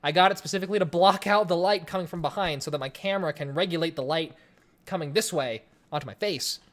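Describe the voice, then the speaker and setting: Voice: mid-range voice, fast. A person in their twenties from Colorado, hosting a casual livestream Q&A from home and answering chat in a rambling, joking way. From Colorado, USA. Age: 20s. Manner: rambling, joking, chatty with frequent restarts. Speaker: livestream host. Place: home room, in front of a webcam. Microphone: desk microphone on a stream setup.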